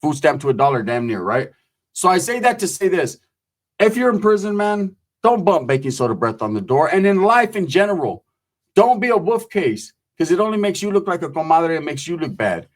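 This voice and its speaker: A man's voice: on the high side, big pitch swings, a little fast. Profane streetwise man telling prison stories. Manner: profane, streetwise, acts out voices of others. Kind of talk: casual storytelling.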